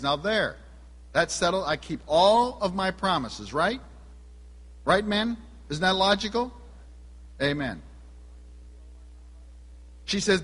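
A man's voice: high-pitched, lively intonation, takes it slowly, pauses often, a bit bright, slightly rough. Man preaching in an echoing hall. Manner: asks the audience questions. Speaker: pastor. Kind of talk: sermon with a personal story. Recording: long hall reverb.

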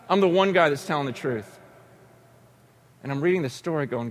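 A man preaching with a high voice and an animated storytelling style. He acts out voices in his stories and sometimes breaks into a shout. Faint noise sits under the recording. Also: fairly quick, long pauses. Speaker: pastor. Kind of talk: sermon.

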